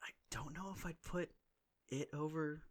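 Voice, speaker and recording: A man casually chatting on a podcast, animated and profane, getting emotional as he retells stories. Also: on the high side, moderate pace. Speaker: podcast co-host.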